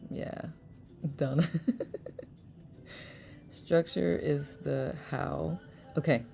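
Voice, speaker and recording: Woman host, low gravelly voice, mellow tone, reads chat comments aloud, laughs often. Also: steady tone, extremely slow, slight background noise. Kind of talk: live online chat reading comments.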